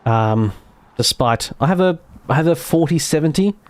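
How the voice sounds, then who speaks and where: A man's voice: on the high side, animated, normal speed, no room sound. An Australian man commentating live gameplay and chatting with viewers, rambling and self-deprecating, with casual swearing and many fillers. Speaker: game streamer.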